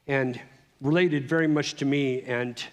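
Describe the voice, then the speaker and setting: A middle-aged man giving a personal testimony speech at a conference, telling his story in an animated way with frequent restarts. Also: medium pitch, unhurried. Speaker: conference speaker. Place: conference hall. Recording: long reverb of a large hall.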